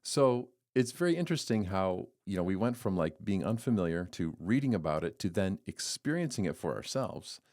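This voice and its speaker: A man hosting a devotional podcast, talking in an earnest, storytelling way with lively swings. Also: sits low, normal speed, few pauses. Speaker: podcast host giving a devotional. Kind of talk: casual devotional talk.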